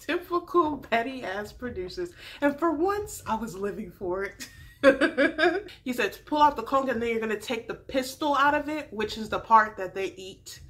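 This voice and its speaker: A woman giving a casual, animated TV recap as a vlogger, slangy and quick to laugh. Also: mid-range voice.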